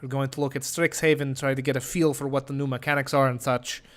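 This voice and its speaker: A man streaming a game, talking in a put-on comedy Russian accent that drops articles in a deadpan way. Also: mid-range voice, quick pace, lightly acted. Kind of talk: live-stream commentary.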